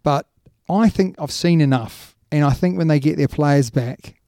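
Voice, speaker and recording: A man's voice: a little high, moderate pace, warm tone, no room sound, studio quality. A man co-hosting a casual rugby chat, emphatic and chatty, often dropping in yeah and you know. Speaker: rugby podcast co-host.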